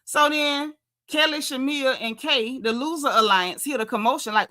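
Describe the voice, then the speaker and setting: A sassy young woman with a lilt, breaking down reality TV drama in a loose, chatty recap. Her voice is bright and slightly high, and she slips into the quoted lines with plenty of attitude. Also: normal speed. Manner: sassy, animated, acts out quotes. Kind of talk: casual recap commentary.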